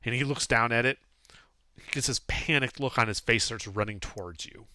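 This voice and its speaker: A man's voice: mid-range voice, normal speed, dry recording, clean studio sound. A man narrating a tabletop game as game master, rambling and full of fillers. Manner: animated, rambling with many fillers.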